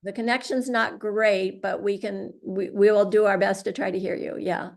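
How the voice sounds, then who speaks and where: A woman runs an online class over a video call, encouraging participants, keeping the session moving, and offering steady backchannel responses. Her voice is mid-range and gravelly, at a moderate pace.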